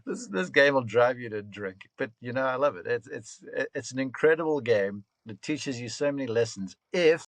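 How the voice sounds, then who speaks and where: A man in his fifties, a golf coach and broadcaster, telling lively anecdotes and laughing often in a casual podcast interview. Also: fairly low pitch, dry recording. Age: 50s.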